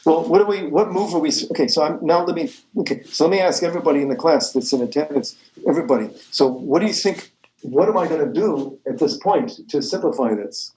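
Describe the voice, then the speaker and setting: A man's voice: on the high side, fast, a little mellow, reverberant, rough recording. A man lecturing a math class, rambling and correcting himself as he goes, with the odd chuckle. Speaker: math professor.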